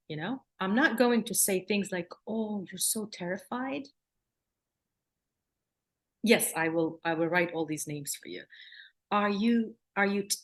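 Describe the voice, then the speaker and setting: A woman from Palestine, a clinical psychologist giving a workshop lecture in an earnest way, often repeating words and slipping into gentle soothing phrases. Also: on the low side. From Palestine, raised in Jordan.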